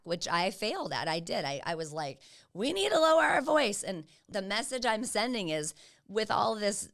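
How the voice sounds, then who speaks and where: A woman's voice: fairly low pitch, fairly bright tone, clean tone. An older woman giving casual, earnest parenting advice, encouraging and acting out what parents could say. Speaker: parenting educator. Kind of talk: casual teaching talk.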